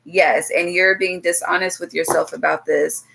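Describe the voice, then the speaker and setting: A woman's voice: lowish voice, steady tone, moderate pace, creaky, background noise. A woman giving a loose, casual tarot reading to her viewers, blunt and swearing freely, drifting into chatty asides. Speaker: tarot reader.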